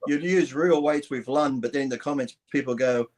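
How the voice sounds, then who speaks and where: A middle-aged man telling profane, animated stories as a guest in a casual podcast chat. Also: mid-range voice, fairly quick.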